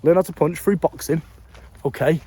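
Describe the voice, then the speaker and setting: A man's voice: fairly high pitch, normal speed, warm tone, breathy edge. A young English man, telling a story and giving advice in a blunt, profane way, recorded on a phone. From England. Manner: blunt, profane, emphatic with street slang. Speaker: vlogger.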